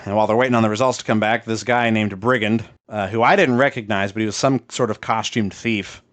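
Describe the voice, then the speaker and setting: A man's voice: fairly low pitch, fairly even intonation, fast talker, a bit bright, no echo. A male podcast co-host in casual chat, talking loosely with lots of fillers and swearing, laughing as he retells a story.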